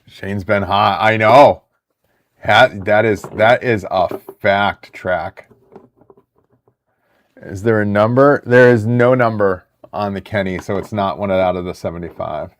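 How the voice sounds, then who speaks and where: A man in his thirties hosting a live card break stream, chatting excitedly with viewers in the chat. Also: on the low side, a little slow.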